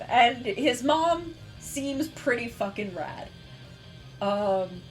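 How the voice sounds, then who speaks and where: A woman streamer in casual chat, animated and swearing freely with many fillers. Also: high-pitched, slow pace, faint music behind.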